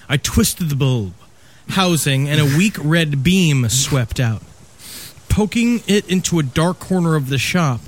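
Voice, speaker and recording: A man hosting a comedy podcast, reading a horror story aloud with joking asides. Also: fairly high pitch.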